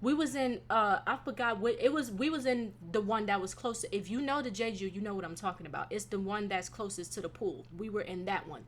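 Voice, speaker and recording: A young woman hosting a casual solo podcast, venting in a profane, animated way with sudden loud bursts. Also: medium pitch, fairly quick, hardly any pauses, slight background noise. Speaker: podcast host.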